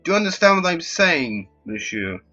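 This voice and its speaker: Guy doing a smooth dramatic fox con artist, kinda high and loud, dull sound w/ faint music. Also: sing-song, moderate pace, heavily acted. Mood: storytelling. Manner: theatrical, smooth, grandly dramatic. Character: suave scheming male fox con artist.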